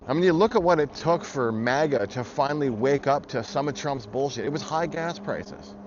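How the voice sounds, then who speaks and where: A man at medium pitch and normal speed rants angrily about politics in a vlog, bluntly and heatedly, with frequent swearing. His audio is muffled and drowned by loud traffic noise.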